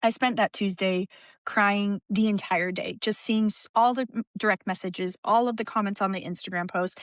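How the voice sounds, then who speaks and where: A woman talks openly as a guest on a podcast. She is emotional and frank, circling back and restarting her thoughts with small laughs. Her voice sits at an ordinary pitch in a dry, close recording. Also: steady tone, normal speed, dry recording. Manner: open and emotional, rambling with restarts and soft laughs. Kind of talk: candid conversational interview.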